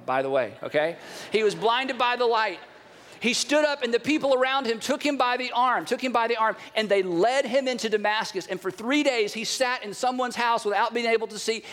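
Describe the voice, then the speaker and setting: A man preaching a sermon as pastor, animated, with dramatic pauses and acted-out quotes. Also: sits high, in a large hall.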